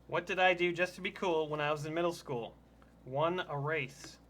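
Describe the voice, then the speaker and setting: Man, playful, slightly high voice, bright tone, casual game night. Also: steady tone, fast, a little hiss or hum. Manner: laughs often, playful. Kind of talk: casual chat.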